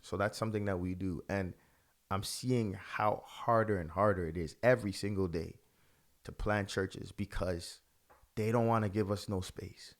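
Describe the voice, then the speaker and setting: A man's voice: low voice, steady tone, normal speed. A man, a pastor, giving religious video commentary with impassioned, repetitive phrasing.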